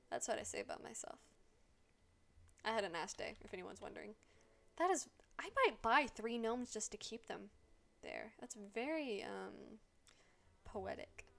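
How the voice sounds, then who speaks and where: A woman's voice: on the high side, vocal fry, a bit bright. A woman streamer chatting casually as she plays a life-sim game, sarcastic and swearing freely as she scolds the characters aloud.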